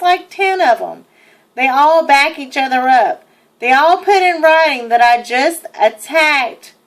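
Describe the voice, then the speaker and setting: A young woman giving an indignant, emphatic first-person account while narrating over video, swearing freely. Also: high voice. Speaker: person narrating her own arrest footage.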